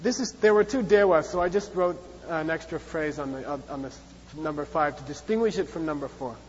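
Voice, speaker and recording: High-voiced male teacher with a chatty, sarcastic lecture style, muffled recording in a reverberant hall. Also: brisk, a little hiss or hum. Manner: chatty, repetitive, acts out voices with playful sarcasm. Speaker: Buddhist teacher. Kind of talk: dharma class lecture.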